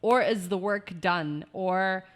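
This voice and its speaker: Woman podcast host, calm questions, mid pitch, easygoing. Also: slow pace. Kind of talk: interview questions.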